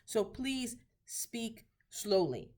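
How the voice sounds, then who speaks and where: A woman teaching basic Spanish phrases, repeating each one slowly for learners to practice. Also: a little high, sing-song, darkish tone. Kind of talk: slow instructional lesson.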